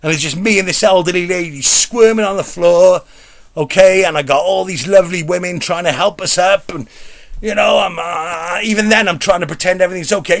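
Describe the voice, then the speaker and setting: A man's voice: high voice, a little fast, vocal fry, no echo. A middle-aged man tells a comic story in a rambling, stammering, sweary, self-mocking way. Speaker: comedy vlogger.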